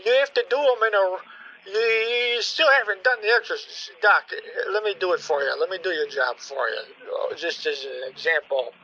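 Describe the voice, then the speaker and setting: A man hosting a podcast in casual chat, playfully acting clueless and deadpan while prank-calling a scammer. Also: high-pitched, moderate pace, dull audio.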